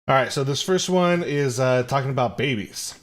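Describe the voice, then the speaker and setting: A man co-hosting a relaxed podcast chat, his voice sitting at an ordinary middle pitch. He rambles along, restarting sentences and dropping quick asides as he tells stories. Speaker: podcast co-host.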